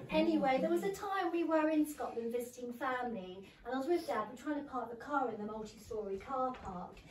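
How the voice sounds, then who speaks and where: A woman's voice: high voice, big pitch swings, normal speed, background noise. A woman in her thirties doing a stand-up comedy set without a microphone, chatty and giggling at her own jokes. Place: comedy venue room with audience. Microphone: no microphone, recorded from a distance. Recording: echoey room, voice from far off.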